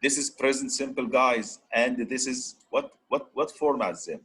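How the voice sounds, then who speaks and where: A man's voice: medium pitch, measured pace, fairly bright tone, slightly rough, rough recording. A man teaching an English grammar lesson, switching between Arabic and English and repeatedly prodding his students to answer.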